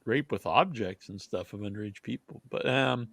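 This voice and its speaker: A man co-hosting a wrestling podcast, cracking dark jokes and announcing matches in casual chat. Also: lowish voice, moderate pace, creaky, no echo, studio quality. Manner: wisecracking, reads out the match card. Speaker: podcast co-host.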